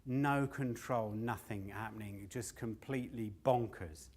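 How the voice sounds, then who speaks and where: A man's voice: fairly low pitch, a little slow. An older man telling stories on stage, loose and sweary, often laughing at his own tales. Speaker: storyteller and comedian. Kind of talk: live standup storytelling.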